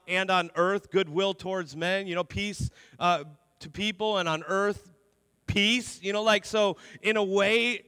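A man's voice: sits high, sharp tone, clear, resonant tone, dry recording, in a large hall. A young adult man preaching a conversational sermon as pastor in a church, repeating words and dropping in many "you know"s. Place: church sanctuary.

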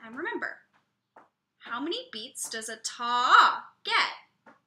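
A woman music teacher giving a slow, clear, encouraging lesson to young children. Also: high-pitched, sing-song, bright, forceful tone, roomy sound.

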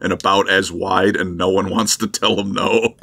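A man joking in a casual podcast conversation, delivering quick, dry one-liners. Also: sits low, fairly even intonation, vocal fry, pushed and bright, breathy edge.

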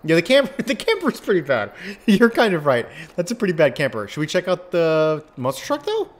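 A man's voice: high-pitched, huge pitch swings, a little fast, slight background noise. A man playfully talking through a farming video game with his young son, laughing and teasing as he plays. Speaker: gaming channel host, playing with his son. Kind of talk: casual gaming commentary.

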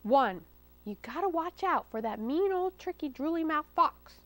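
A woman's voice: high-pitched, lively intonation, a little slow, a bit bright, dry recording, voice pushed up. A woman voicing Mama Pig, a stern but caring mother pig in a storybook, who gives firm instructions.

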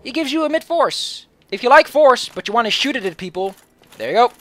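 A let's play host giving joking gameplay commentary, animated and goofy, switching between loud outbursts and mumbling. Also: medium pitch, a little fast.

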